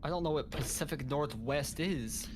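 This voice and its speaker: A man's voice: fairly high pitch, normal speed, soft background music. A man with a slight Southern American accent chatting casually on a gaming stream, rambling and stammering through jokes. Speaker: streamer co-player. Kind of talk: casual gameplay chat.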